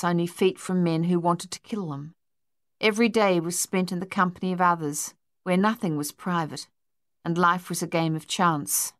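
A woman narrating a novel in a measured storytelling manner, close to the microphone. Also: lowish voice, no room sound. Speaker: audiobook narrator. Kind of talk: scripted narration.

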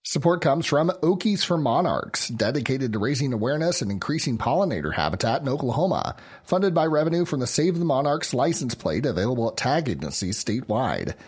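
A man's voice: mid-range voice, big pitch swings, fairly quick, husky. A man reading a scripted sponsor message for radio. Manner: scripted underwriting read. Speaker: sponsor announcer.

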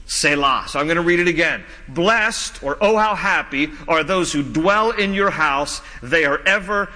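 A male pastor preaching a sermon, slow and emphatic, dropping low and soft on key lines. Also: big-room sound, low-quality recording.

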